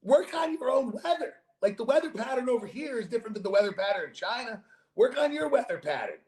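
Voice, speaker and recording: A young man hosting a podcast in casual chat, animated, jokey and swearing freely. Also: extremely high pitch, fast talker. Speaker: podcast host. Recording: roomy echo.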